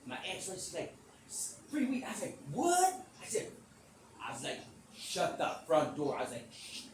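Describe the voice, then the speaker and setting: A man hosting a podcast, telling a rambling, animated story in speech, swearing casually and acting out the quotes. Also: fairly high pitch, normal speed, recorded from a distance. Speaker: podcast host. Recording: echoey room, off-mic, background noise.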